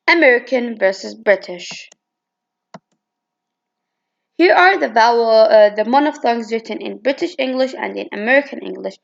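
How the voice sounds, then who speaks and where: A woman reads out a phonetics lesson in a fairly high voice with a gravelly edge of fry. She stumbles and restarts now and then as she goes through her slides. The recording sounds dull and lo-fi. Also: animated, normal speed, long pauses. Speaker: student presenter. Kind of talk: reading a phonetics presentation.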